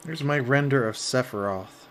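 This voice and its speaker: A man chatting casually during an art stream, with a dry, deadpan sense of humor. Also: mid-range voice, moderate pace, a little hiss or hum. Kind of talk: casual chat while drawing on stream.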